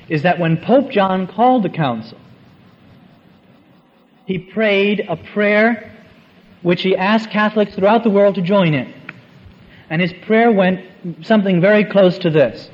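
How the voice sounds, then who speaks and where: A man giving a formal, earnest talk on church renewal, speaking in measured phrases. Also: on the high side. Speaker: Catholic speaker. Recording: muffled lo-fi recording.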